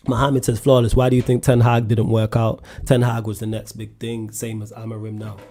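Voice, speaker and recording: A man hosting a solo sports question-and-answer show, talking in a blunt, animated way and climbing sharply in pitch when he drives a point home. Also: brisk. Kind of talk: casual sports chat.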